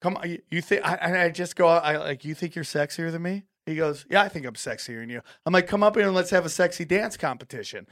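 Comedian guy spinning a wild story, high-pitched, acts out everyone's voices, swears a lot. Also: fast, few pauses. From California. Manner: animated, profane, acts out voices in his stories. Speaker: comedian guest. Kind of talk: casual storytelling.

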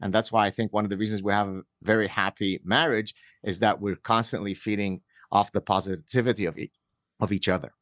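A man's voice: on the low side, steady tone, a little fast, fairly bright tone, dry recording, studio quality. A middle-aged man from Canada, a guest author on a podcast, talking in a wandering way with lots of restarts and wry humor. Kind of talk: conversational interview.

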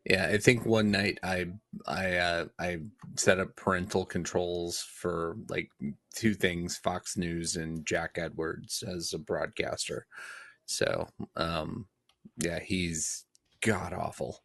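A man co-hosting a casual hockey podcast, making dry jokey asides in a halting way. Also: sits low, level tone, vocal fry, a bit bright. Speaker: podcast co-host.

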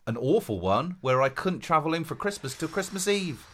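A man's voice: on the high side, sing-song, fairly quick, a little hiss or hum. A man co-hosting a podcast, trading playful, jokey banter in casual chat. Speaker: podcast co-host.

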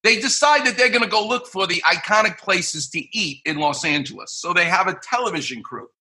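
A middle-aged man from New York, a surgeon guest on a podcast, telling lively anecdotes and acting out the people in them. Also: sits high, a little fast. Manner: animated anecdote-telling, acts out quoted voices. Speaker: guest, orthopedic surgeon and radio host. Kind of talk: podcast interview storytelling.

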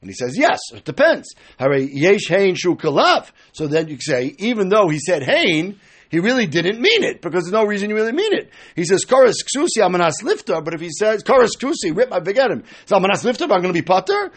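Husky, high, animated Talmud teacher. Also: male voice, a little fast. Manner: explains step by step, acting out quoted speakers. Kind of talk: Talmud study lecture.

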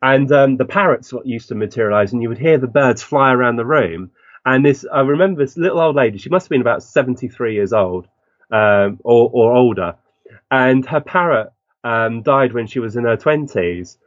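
A man on a muffled, dry lo-fi recording tells his experiences at a mid pitch. He is animated and often acts out the voices of the people he describes. His delivery is chatty and full of small restarts. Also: normal speed, dry recording. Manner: animated anecdotes, acting out quoted voices. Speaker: guest medium. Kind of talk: interview storytelling.

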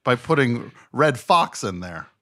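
A man's voice: mid-range voice, big pitch swings, measured pace, a bit bright. A man guesting on a comedy podcast, telling wry, dry stories in casual chat.

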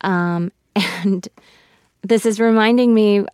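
A woman actor in her thirties being interviewed on radio, thoughtful and halting with soft laughs, close to tears. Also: mid-range voice, steady tone, clear, resonant tone, no echo. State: emotional, near tears.

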